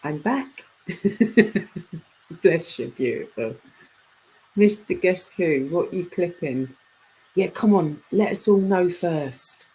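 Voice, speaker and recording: A woman's voice: fairly low pitch, animated, takes it slowly, pauses often, warm tone, poor audio. Chatty, giggly woman live streaming. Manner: chatty, laughs a lot, teasing banter. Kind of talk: casual live stream chat with viewers.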